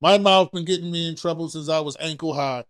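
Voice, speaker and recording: A man co-hosting a podcast in casual chat, telling blunt and candid stories that grow loud when he acts out arguments. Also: a little high, fairly quick, no room sound, clean studio sound. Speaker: podcast co-host.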